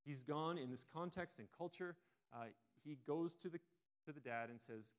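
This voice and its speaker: A man preaching a sermon, retelling a story in a relaxed, conversational way with frequent restarts. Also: a little high, moderate pace.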